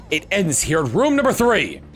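A man streaming a video game, reading its dialogue aloud in a deadpan, wry way. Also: sits high, unhurried, soft background music.

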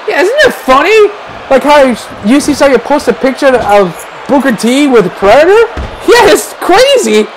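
A hobby commentator calling video game wrestling matches play by play, excitable and bursting into shouts, with chatty asides and homemade catchphrases. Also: sits high, unhurried, a faint crowd, a little hiss or hum, low-quality recording.

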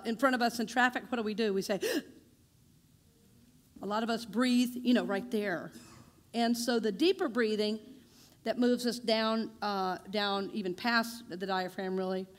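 A woman minister giving a chatty, conversational sermon in a church, joking with her congregation. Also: fairly high pitch. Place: church sanctuary.

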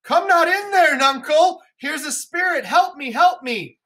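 A woman's voice: high voice, unhurried, a bit bright, pitched above the performer's own voice. A woman voicing a frightened male court jester, yelping in panic. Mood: panicked.

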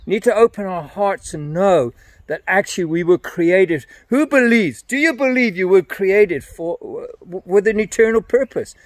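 Older guy preaching straight to camera, earnest and emphatic, a bit high, dry close sound. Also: moderate pace, no room sound. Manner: earnest, emphatic, repeats phrases. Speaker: evangelist. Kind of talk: evangelistic message to camera.

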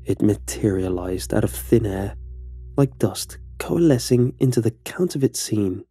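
A man narrating a scripted horror story in a measured, somber way. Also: lowish voice, animated, dark tone, breathy edge, no echo, studio quality, soft background music.

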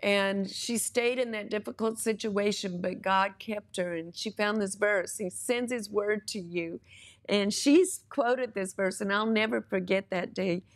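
A woman's voice: medium pitch, unhurried. A woman minister preaching in a conversational way, telling testimony stories and weaving in scripture with earnest conviction.

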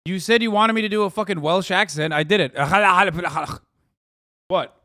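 A man's voice: high voice, fast talker, pushed and bright, dry recording, studio quality. A man streaming casual reaction commentary, profane and joking.

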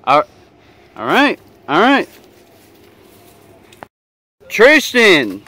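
A man's voice: high-pitched, very animated, a little slow, fairly bright tone, no echo. A man narrating and filming a casual comedy skit, exasperated, swearing and questioning.

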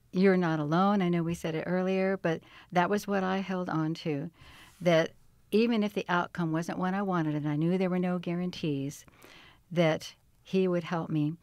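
A woman, a mother and interview guest, speaking sincerely and gently encouraging other parents. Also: fairly low pitch, dry recording. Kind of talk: interview conversation.

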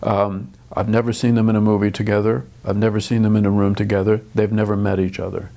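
Older man, film director, gravelly voice, lowish pitch, thoughtful, restarts a lot. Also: little pitch movement, fast talker, mellow. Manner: thoughtful, restarts often, dry chuckles. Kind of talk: interview conversation.

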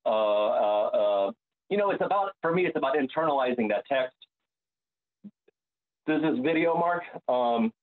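A man, an opera bass, talking reflectively in an interview and often restarting his sentences. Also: lively intonation, normal speed, pauses often. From United States. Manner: searching, restarts sentences, many fillers. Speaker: opera bass singer, guest. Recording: tinny phone-like line.

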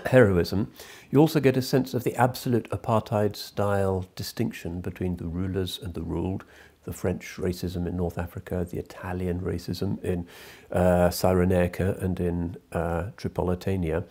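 A male scholar giving an informal talk on books, thoughtful, pausing with fillers and restarts. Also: deep voice, dark tone. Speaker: Islamic scholar recommending books.

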